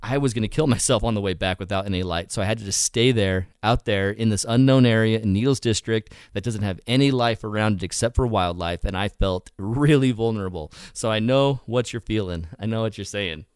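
A man's voice: lowish voice, fairly quick, few pauses, clear, resonant tone, dry recording, studio quality. A man who leads photography workshops, chatting casually and acting out his own thoughts as he tells a story. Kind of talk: casual podcast chat.

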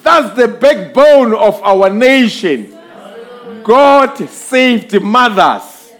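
Male preacher, sermon, high voice, unhurried delivery, emphatic swells, talks straight to the congregation. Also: sing-song, a bit bright. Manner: slow, emphatic preaching with rising and falling swells; addresses the congregation directly.

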